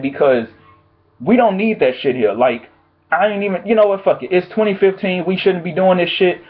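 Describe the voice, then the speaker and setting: A man talks straight to camera from his home, giving blunt, profane opinion commentary with an exasperated edge. His voice sits slightly high and sounds husky. The audio is thin and phone-like. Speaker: vlogger.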